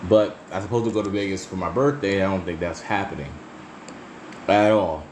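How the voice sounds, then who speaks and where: Talking a little quickly in a low-pitched voice, a man runs his podcast alone, spinning loose, foul-mouthed stories. There's slight background noise, and he laughs frequently, swears without restraint, and grows lively and talkative while telling them.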